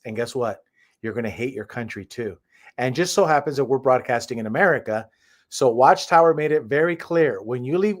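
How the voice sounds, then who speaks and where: A man hosting a casual streamed discussion, his speech rambling and full of restarts. He talks at a middle pitch and keeps circling back to build on his point. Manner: rambling, with many restarts and fillers. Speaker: host.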